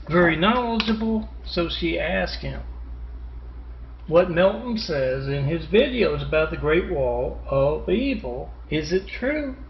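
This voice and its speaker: Man from Louisiana, gravelly, slightly high voice, rambling parable monologue, dull lo-fi home recording. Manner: halting, with restarts and repeated self-introductions. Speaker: self-styled parable teller. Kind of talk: rambling monologue with imagined callers.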